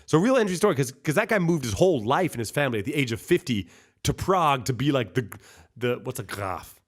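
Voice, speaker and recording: A man's voice: medium pitch, fast talker. A young man co-hosting a podcast, rambling and swearing casually as he tells stories. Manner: profane, rambling, animated storytelling. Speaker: podcast co-host. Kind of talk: casual chat.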